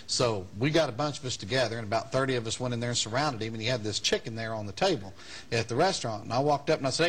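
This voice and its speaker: A man's voice: mid-range voice, very fast. A man telling a live anecdote to an audience in a folksy, rambling way, often chuckling. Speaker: storyteller on stage.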